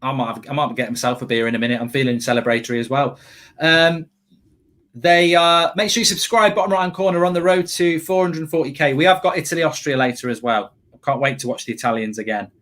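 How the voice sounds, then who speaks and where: A man hosting a live football watchalong, chatting excitedly with frequent restarts. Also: medium pitch. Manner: excitable, quick restarts and self-corrections. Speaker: host.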